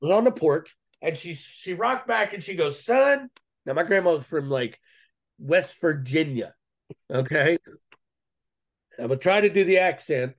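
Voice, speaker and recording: A man's voice: fairly high pitch, lively intonation, normal speed. A man, a guest on a podcast interview, telling a personal story in a casual, earnest and slangy way with frequent restarts.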